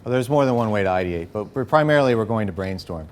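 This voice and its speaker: A man leading a live workshop, coaching the group with an energetic manner and frequent "okay?" and "right?" check-ins. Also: fairly low pitch, fast talker, hardly any pauses. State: a bit out of breath. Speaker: workshop facilitator. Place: workshop room.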